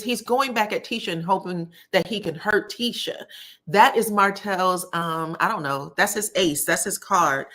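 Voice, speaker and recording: A married woman recapping reality TV episodes on a live stream, chatting casually, calling viewers honey and baby, and acting out quotes from the scenes. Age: adult, married. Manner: acts out quotes from the scenes with lively pitch jumps.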